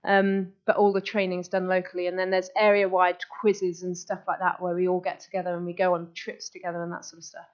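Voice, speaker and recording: A woman's voice: fairly low pitch, little pitch movement, fast talker, hardly any pauses. A woman giving an enthusiastic, chatty live talk to an audience as a guest speaker, restarting her sentences as she goes. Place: meeting room with audience. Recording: dull lo-fi live recording.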